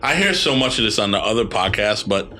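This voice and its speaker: A man's voice: on the low side, lively intonation, brisk, pushed and bright, a little hiss or hum. Ranting, foul-mouthed podcast man. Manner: blunt, ranting, swears often. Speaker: podcast co-host. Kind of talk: casual profane chat.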